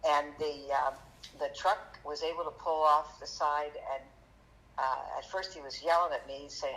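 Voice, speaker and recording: A woman guest on a podcast, telling her story in a halting, chatty way with many fillers, turning lively when she quotes people. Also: low-pitched, low-quality recording. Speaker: magician guest. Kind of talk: conversational storytelling interview.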